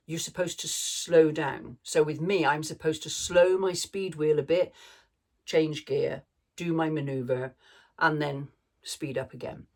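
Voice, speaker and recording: A woman's voice: sits low, a little mellow. A woman vlogger telling a rambling story in a chatty way, laughing now and then. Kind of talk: casual storytelling chat.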